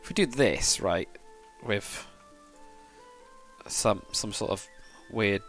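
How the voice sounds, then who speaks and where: A man's voice: fairly low pitch, lively intonation, takes it slowly, fairly bright tone, faint music behind. A British man from the UK chatting casually with viewers while he builds in a game, rambling and swearing now and then. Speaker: livestreamer. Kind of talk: casual live-stream chat while building.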